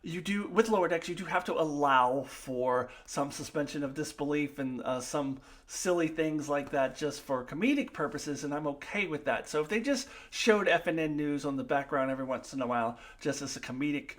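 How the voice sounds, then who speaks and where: A woman's voice: low-pitched, normal speed, few pauses. A woman talks through her opinions of a TV episode in a solo review. She is emphatic and opinionated, rising sharply when annoyed. She stops often to restart sentences. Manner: frequent fillers and restarts.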